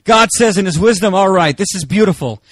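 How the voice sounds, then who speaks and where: A man's voice: high voice, fairly quick, no room sound. A man preaching a sermon as pastor, emphatic and full of rhetorical questions to the congregation. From Germany.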